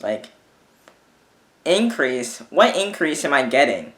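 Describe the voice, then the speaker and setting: A man rants straight to camera, exasperated and swearing freely, circling back and restarting his sentences as he vents. His voice has a bright, forceful edge, and the room throws back a noticeable echo. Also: medium pitch, expressive, unhurried. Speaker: vlogger. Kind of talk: ranting casual monologue. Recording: echoey room.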